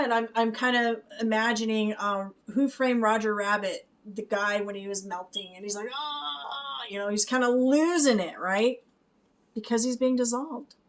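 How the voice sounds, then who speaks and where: Woman giving a spiritual reaction commentary. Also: a little high. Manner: explains softly, adds "okay?" and small laughs. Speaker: spiritual reader.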